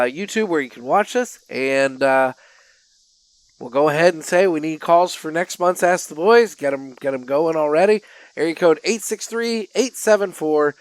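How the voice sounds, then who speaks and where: A man's voice: mid-range voice, no room sound. Man, podcast host, casual chat, easygoing, dry recording. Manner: relaxed, easygoing, frequent fillers.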